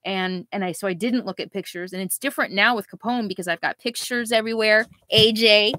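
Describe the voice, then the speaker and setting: Bright-voiced woman reading viewer comments. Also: on the high side, fairly even intonation, no room sound. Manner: emotional, halting, laughs through grief. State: near tears at times. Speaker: RV vlogger answering viewer comments. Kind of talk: casual live Q&A chat.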